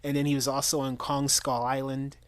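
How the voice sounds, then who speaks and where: A man's voice: mid-range voice, level tone, brisk, clean tone, no echo. Chatty male film reviewer, eager and rambling, recorded dry and close. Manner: chatty, enthusiastic, with frequent restarts and quoted lines. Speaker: movie reviewer. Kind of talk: casual spoken film review.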